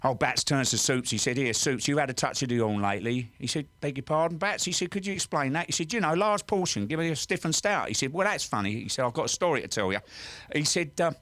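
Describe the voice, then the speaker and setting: A man's voice: medium pitch, lively intonation, fast talker, a bit bright, no room sound. An English man telling rambling, cheeky pub stories and jokes, full of "right?" and "he said". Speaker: guest storyteller.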